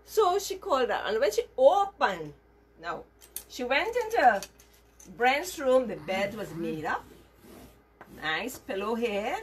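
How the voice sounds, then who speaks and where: A woman telling a moral story to children as a teacher, animated and asking them questions as she goes. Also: a little high, takes it slowly, pauses often, slight background noise.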